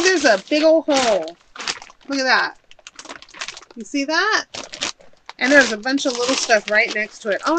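A woman's voice: mid-range voice, noisy background. A woman chatting casually while unboxing a shopping haul at home, gushing and thinking aloud as she unpacks. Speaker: haul vlogger.

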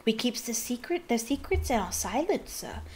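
A woman voicing a small, nervous, devoted male house-elf who squeaks and speaks in broken grammar. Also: sing-song, moderate pace, darkish tone. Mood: earnest. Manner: squeaky, broken grammar, calls everyone sir.

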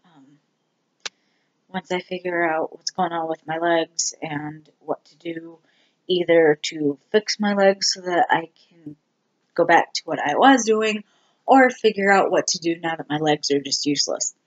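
A vlogger giving a candid personal update, talking slowly and haltingly with many ums and restarts. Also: medium pitch, highs cut off. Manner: candid and self-deprecating. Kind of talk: casual personal health update.

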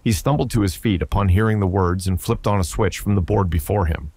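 A man narrating a science fiction story with a steady, even delivery. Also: sits low, a little fast, husky, no room sound. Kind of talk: scripted narration.

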